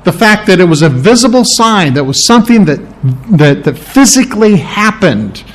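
Guy preaching, slightly higher voice, asks the crowd stuff, restarts a lot. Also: big pitch swings, normal speed. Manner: conversational teaching with questions to the congregation; restarts and repeats words while thinking aloud. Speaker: pastor. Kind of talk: sermon.

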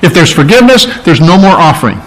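A man with a high-pitched voice preaches a sermon. He talks in an emphatic but conversational way and often turns to the congregation with asides. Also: big pitch swings, quick pace, a bit bright, rough recording. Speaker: pastor.

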